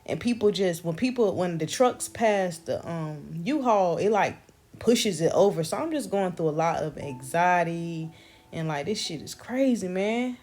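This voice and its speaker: A young woman from North Carolina, telling a casual storytime vlog with animated swearing and calling her viewers y'all. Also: on the low side, unhurried. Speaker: vlogger.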